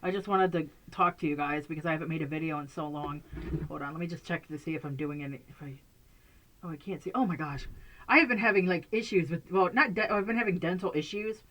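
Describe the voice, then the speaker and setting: A woman talks casually to her camera from a room at home. Her voice sits fairly low, and she rambles through fillers, restarts and little laughs. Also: fast talker, a bit bright, rough recording. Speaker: vlogger.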